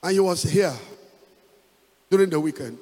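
A man giving a testimony as a pastor, with emphatic preaching and half-sung phrases that build to loud exhortation. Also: fairly high pitch, moderate pace. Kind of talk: sermon testimony. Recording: echoey hall with music behind.

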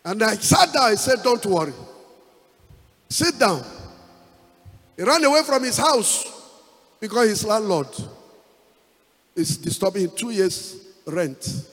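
A pastor preaches in a very high, lively voice, drifting into sung lines and rising to loud calls. His words ring through a big reverberant church hall with soft music underneath. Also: slow pace, pauses often. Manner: emphatic preaching, half-sung phrases, rising to loud exhortation. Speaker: pastor giving a testimony. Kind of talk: sermon testimony. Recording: echoey hall with music behind.

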